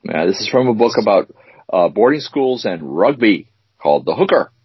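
A man with a low, somewhat husky voice co-hosts a casual chat, teasing his partner. His pitch moves in wide, lively swings. The recording is dry and a little dull. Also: no echo. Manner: teasing, reads definitions out slowly. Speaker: co-host.

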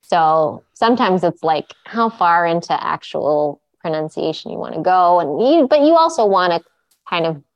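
Chatty woman with a low, dry voice. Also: animated, normal speed, no room sound. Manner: chatty storyteller, many "like"s and restarts. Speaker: yoga teacher guest. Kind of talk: casual interview chat.

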